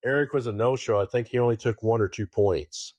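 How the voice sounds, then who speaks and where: A man co-hosting a casual poker podcast, with a mid-range pitch. He tells stories with animated flair and drops the odd swear word. His voice sounds dry and close, with little room around it. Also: a little fast, no echo, muffled recording. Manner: animated storyteller who swears freely. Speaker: podcast co-host. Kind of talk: casual chat.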